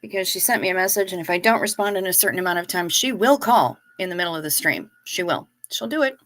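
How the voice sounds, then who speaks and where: A woman's voice: lowish voice, animated, fast talker, fairly bright tone. A woman hosting a live stream, chatting casually, telling jokes and reading out viewer messages. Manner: chatty, joking, reads chat aloud.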